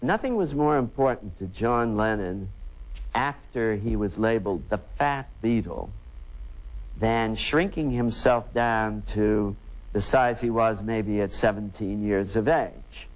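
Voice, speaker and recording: A man giving documentary commentary in a deliberate, emphatic way. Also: fairly low pitch, rough recording. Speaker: biographer commentator.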